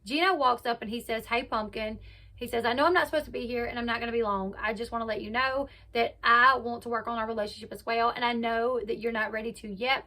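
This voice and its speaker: A woman's voice: on the high side, sharp tone. A woman casually retelling a reality show episode, acting out the quotes as she goes. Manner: chatty retelling, acts out quotes. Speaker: reality TV recap host. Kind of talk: casual recap narration.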